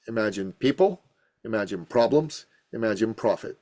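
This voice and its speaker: A man's voice: fairly high pitch, normal speed. A man in his fifties from Iran, a business coach telling his story as a podcast guest in an emphatic, punchy, rhythmic way. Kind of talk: motivational storytelling in a podcast interview.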